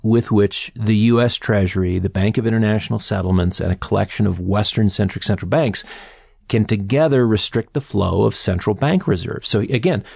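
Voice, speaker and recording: Low gravelly man explaining markets. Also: a little mellow, dry recording, studio quality. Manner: measured, explanatory, storytelling with quoted asides. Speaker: co-host and commentator. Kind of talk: financial podcast discussion.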